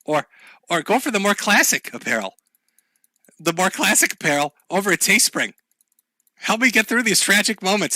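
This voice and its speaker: A man's voice: high-pitched, very animated, a little fast, bright, forceful tone, dry recording. A man hosting a livestream, talking in a sarcastic, profane, casual way and laughing often. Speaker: livestream host.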